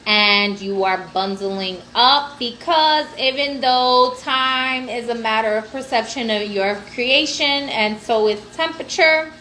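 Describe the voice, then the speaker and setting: Woman livestream host, higher register, loose and profane, laughs often, faint background noise. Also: a little slow, hardly any pauses, a bit bright. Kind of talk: casual livestream chat.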